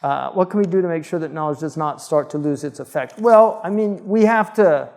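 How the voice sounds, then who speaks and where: A man's voice: on the high side, fairly quick, a little mellow, long reverb tail. A man, a scholar, giving an informal lecture in a conversational, digressive way with frequent fillers. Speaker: Islamic scholar teaching.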